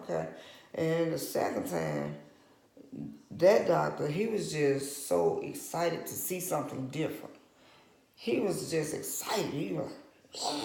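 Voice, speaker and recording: Older woman, gravelly voice, lively and a bit high, rambling testimony, echoey room. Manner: rambling, candid storytelling with quoted dialogue. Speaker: vlogger giving a testimony. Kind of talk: personal testimony, casual talk. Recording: roomy echo.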